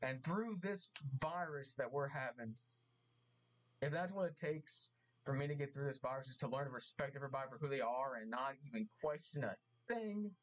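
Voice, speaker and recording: A man making an earnest vlog apology, speaking haltingly and repeating himself, getting emotional as he talks. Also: medium pitch, expressive, low-quality recording. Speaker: vlogger. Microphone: mask on, camera vlog.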